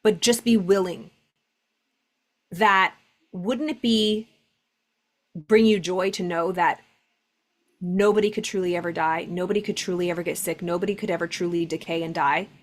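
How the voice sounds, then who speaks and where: A spiritual teacher gives a casual lesson, speaking conversationally with many "like" fillers and reading passages aloud. Her voice is fairly low with a steady tone, moving at a moderate pace with long pauses.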